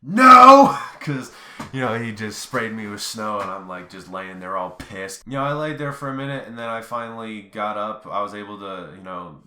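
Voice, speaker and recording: A man's voice: on the low side, fairly quick, hardly any pauses, pushed and bright, echoey room, a little hiss or hum. A young man telling a story in a casual vlog, rambling and loose, with lots of fillers. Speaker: vlogger.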